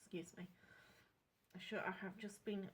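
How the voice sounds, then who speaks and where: A craft vlogger from England rambles unscripted, correcting herself and apologising. She speaks at medium pitch with fairly even intonation and normal speed, over slight background noise.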